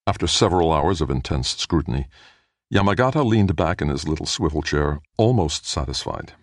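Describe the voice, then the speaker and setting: A man narrating an audiobook in a measured way, lifting his voice a little for the characters' lines. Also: animated, no room sound, studio quality. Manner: measured, lightly voices characters with a raised pitch. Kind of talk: scripted narration.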